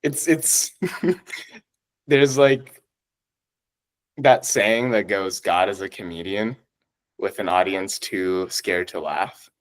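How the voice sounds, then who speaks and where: A man chatting as a podcast guest, excitable and heavy on swearing, often laughing as he talks. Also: deep voice, slow pace, long pauses, rough recording. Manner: excitable, swears a lot, laughs while talking. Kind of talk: casual chat.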